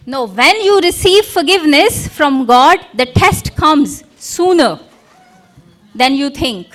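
A woman's voice: high-pitched, lively intonation, slow pace. A woman preaching a sermon, retelling a parable and acting out its characters. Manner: acts out parable characters with props and volunteers.

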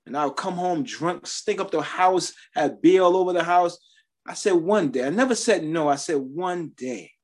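A man's voice: high-pitched, normal speed. A man preaching a sermon, sharing his testimony in a conversational style with emphatic rises.

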